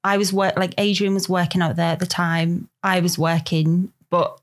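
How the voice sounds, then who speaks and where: A young woman with a thick Liverpool accent talks casually on a podcast. She sounds laid-back and hesitant, trailing off and using many fillers. Her voice sits slightly low for a woman. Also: level tone, normal speed. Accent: Liverpool (Scouse). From Liverpool, England. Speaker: photographer guest.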